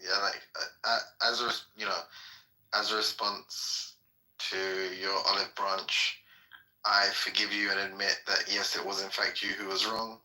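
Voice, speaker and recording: A man speaking with dry, deadpan sarcasm in a casual group voice chat. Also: on the low side, measured pace, low-quality recording.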